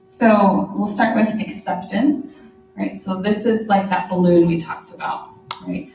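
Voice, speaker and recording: A woman's voice: mid-range voice, fairly even intonation, measured pace, a little mellow, soft background music. A woman therapist giving a conversational conference lecture, often tagging her sentences with "right?". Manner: conversational, frequent "right?" tags. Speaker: therapist presenter. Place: conference room. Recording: echoey room from far off.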